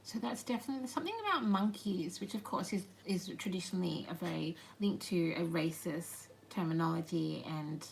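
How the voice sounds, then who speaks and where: A woman speaking channeled messages in a halting, meandering way, with murmured asides. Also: on the low side, vocal fry, a little hiss or hum, rough recording.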